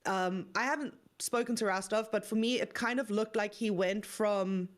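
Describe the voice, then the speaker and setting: A woman's voice: mid-range voice, normal speed. Woman co-host, earnest, a bit nervous, mid-range voice. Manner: earnest, a little nervous, stumbles over words. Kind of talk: casual livestream chat.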